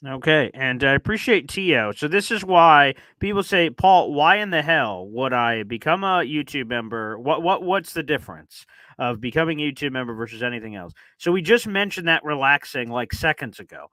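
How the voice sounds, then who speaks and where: A man hosting a casual sports talk show, telling stories in an animated way and acting out his own reactions. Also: a little high, moderate pace, dry recording. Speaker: podcast host.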